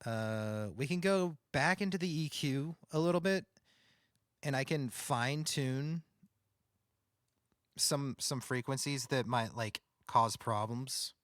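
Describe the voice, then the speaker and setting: Male streamer, nasal, mid pitch, rambling and casual, very dry close studio mic. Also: slow pace, fairly bright tone, no room sound. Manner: rambling, thinking aloud with restarts. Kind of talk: casual livestream talk about audio setup. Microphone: condenser studio microphone.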